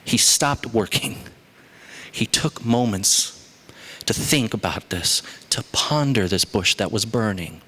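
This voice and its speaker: A male pastor delivering a sermon, moving between slow, weighty lines and quick, chatty asides. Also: fairly low pitch, husky. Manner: animated, shifts between slow emphatic phrases and quick asides.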